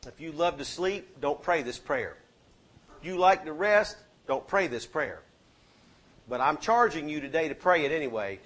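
Middle-aged male pastor, sermon, emphatic, fairly high voice. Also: animated, normal speed. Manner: emphatic, swings from booming to hushed.

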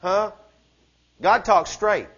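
At a church service, a pastor with a high-sitting, slightly rough voice preaches very slowly through muffled audio. He is fervent yet conversational, alternating quiet asides with shouted questions and call-and-response exchanges.

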